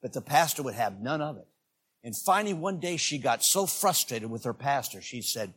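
A man preaching a sermon as a visiting evangelist, folksy and joking, swinging between loud peaks and hushed asides. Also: mid-range voice, lively intonation, fairly quick, breathy edge.

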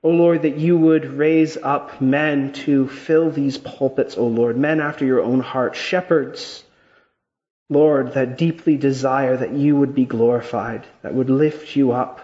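A man leading a church service as pastor, reading scripture and then praying in an earnest, measured way. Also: medium pitch, steady tone, mellow, dull audio.

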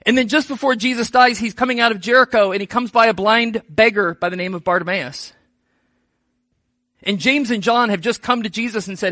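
A man's voice: high voice, fairly quick, sharp tone, no echo. A man preaching a sermon in a casual, joking storytelling manner. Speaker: pastor.

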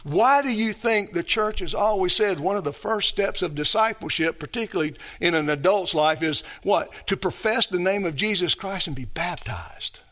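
A man's voice: high voice, expressive, normal speed, few pauses, a bit bright. A man preaching a sermon as pastor, emphatic and full of rhetorical questions put to his congregation.

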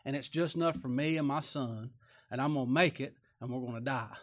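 A man's voice: mid-range voice, fairly quick. A man preaching a folksy sermon, often asking rhetorical tag questions and chuckling.

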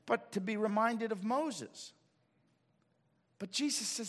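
A man preaching a sermon in a church, swinging from loud declarations to hushed asides. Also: sits high, slow pace, long pauses, in a large hall. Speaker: pastor. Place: church sanctuary.

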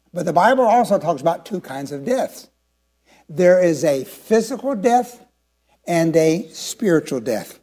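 A man in his seventies, a pastor preaching a sermon, asking the congregation rhetorical questions and moving between quiet and emphatic delivery. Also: high voice. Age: 70s.

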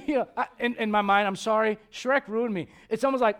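A man preaching a sermon as a pastor, swinging from loud emphatic lines to hushed ones, with joking asides. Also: high-pitched, a little fast.

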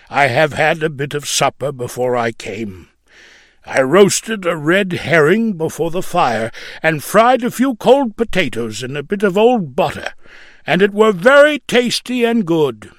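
A man's voice: on the high side, sing-song, measured pace, no room sound, clean studio sound. A man reading a story, voicing a poor, pious old man who talks in a homely, earnest way. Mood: content. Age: older. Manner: homely and earnest, content with little.

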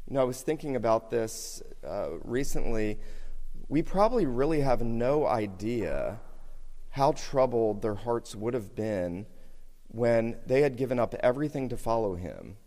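A man preaching a sermon in a church, earnest and measured, repeating key phrases for emphasis. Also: mid-range voice, lively intonation, darkish tone. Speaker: pastor. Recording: reverberant hall.

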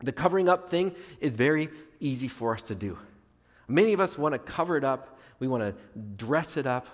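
Animated preacher in a reverberant hall. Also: male voice, medium pitch, fairly quick. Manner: animated, acts out quoted prayers, swings between loud and hushed. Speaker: pastor. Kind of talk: sermon.

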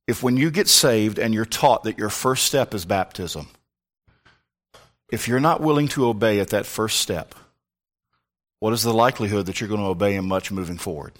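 A male pastor preaching a sermon, telling a personal story with comic asides. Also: lowish voice.

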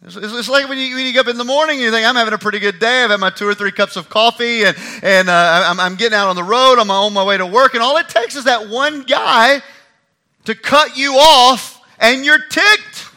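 Bright, high-voiced male preacher. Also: brisk. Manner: animated preaching, acting out quoted lines. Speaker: pastor. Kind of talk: sermon.

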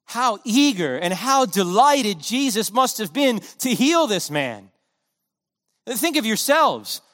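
A male preacher with a noticeably high voice, delivering his sermon with earnest passion and emphatic repetition. His words ring out with a long reverb, as if spoken in a large hall. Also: a bit bright.

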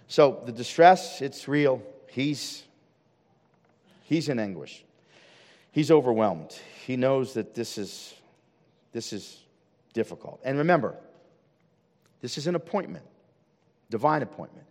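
A man's voice: animated, slow, long pauses, long reverb tail. Preacher man with rhetorical questions. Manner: swings from loud emphatic calls to hushed low intensity; asks the congregation rhetorical questions. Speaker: pastor. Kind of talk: sermon. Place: church service.

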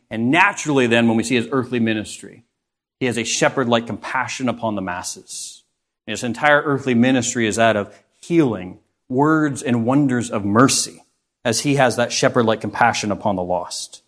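A man giving a Bible lesson in a middle-pitched voice. He reads passages aloud and pauses to put questions to his listeners, lifting his voice for emphasis and then dropping it low. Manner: expressive teaching with rhetorical questions to the class. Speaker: Bible teacher.

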